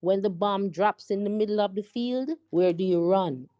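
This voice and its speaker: A woman's voice: medium pitch, normal speed, warm tone, no echo. A woman moderating a panel discussion, speaking in an emphatic, rhetorical way.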